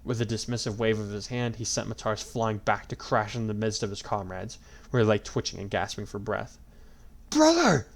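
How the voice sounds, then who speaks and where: A man reads a fan-fiction story aloud in a steady, unhurried way. His voice sits low and has a gravelly texture, and he keeps the narration even from line to line.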